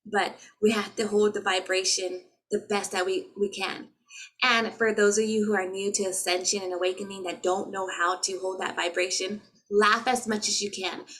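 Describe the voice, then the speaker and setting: Recorded roughly on a laptop microphone, this woman has a mid-range, fairly bright voice with a level tone and normal speed. As a spiritual healer vlogging casually to viewers, she speaks earnestly and motivationally and chants light language.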